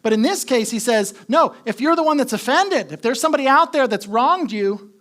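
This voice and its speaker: A man's voice: extremely high pitch, lively intonation, fairly quick, a bit bright. A man preaching a sermon as pastor, talking conversationally, asking the congregation questions and repeating his key points.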